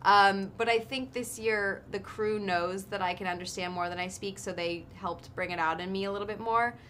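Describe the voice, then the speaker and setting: A woman's voice: medium pitch, steady tone, moderate pace, a bit bright, a little hiss or hum. A woman in her thirties, an actress chatting in a casual interview, thoughtful and chatty with lots of ums and likes. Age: 30s. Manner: thoughtful, chatty, with frequent um and like fillers. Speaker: actress guest.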